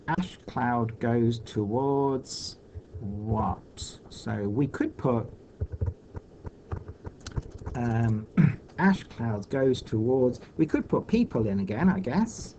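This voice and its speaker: A man teaching children in a recorded online lesson, thinking aloud patiently with many pauses and fillers. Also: medium pitch, mellow, a little hiss or hum, low-quality recording.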